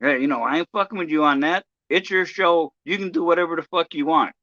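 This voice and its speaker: A man vents on his own livestream in a casual, halting way, tripping over restarts and swearing freely. His voice sits a bit high and sounds bright and forceful. The mic is dry and a little dull. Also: dry recording. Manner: halting, many restarts and stammers, profane. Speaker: live streamer.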